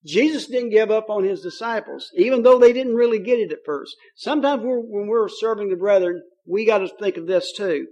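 A man preaching a sermon in a folksy, conversational way, reading scripture aloud and slowing on key phrases. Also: sits high, darkish tone, lo-fi sound. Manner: folksy and conversational, paraphrasing scripture in plain talk.

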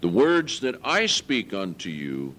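A man preaching a sermon to his congregation, earnest and emphatic, reading scripture slowly and lifting his voice on key points. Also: on the low side, wildly swooping pitch, a bit bright. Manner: slow, deliberate scripture reading.

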